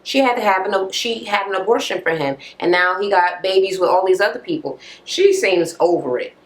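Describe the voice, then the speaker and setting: A woman's voice: mid-range voice, lively intonation, a little fast, low-quality recording. A woman vlogger recapping a reality TV episode in casual, blunt, profane talk, full of fillers and asides.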